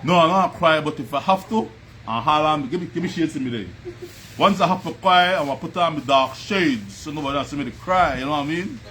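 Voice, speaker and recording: At home with music playing behind him, a man with a Belizean Creole English accent hosts a casual livestream. His voice is a little high, quick, bright and forceful. He chats, laughs often and greets viewers by name.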